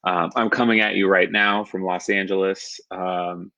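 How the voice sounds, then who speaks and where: A man's voice: deep voice, little pitch movement, measured pace, pushed and bright. A stand-up comedian in his thirties from the San Francisco Bay Area, telling a personal story on a live stream, chuckling often and rambling with fillers. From San Francisco Bay Area, California. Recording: dull lo-fi live-stream audio.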